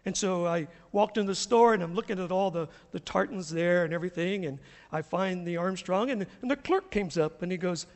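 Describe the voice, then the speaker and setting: A middle-aged man from the US South, a pastor preaching a sermon and telling stories in an animated, chuckling way. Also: high voice, a little fast, long reverb tail. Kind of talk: sermon with storytelling. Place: church sanctuary.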